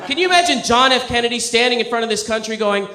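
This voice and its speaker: Bright-voiced male stand-up comedian. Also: very high voice, fast. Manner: conversational, self-deprecating delivery with deadpan asides. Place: comedy club stage with a live audience. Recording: echoey club room.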